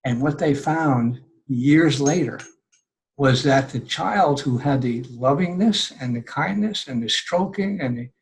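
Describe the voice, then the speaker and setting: An older man speaking as a podcast guest, giving earnest, conversational advice and acting out people's words in lively voices. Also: medium pitch, measured pace, low-quality recording.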